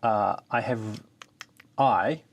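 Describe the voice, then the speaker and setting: A man's voice: fairly low pitch, drawn-out words, slight background noise. A man with a New Zealand accent, co-hosting a podcast in casual chat with a dry, understated manner. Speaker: podcast co-host.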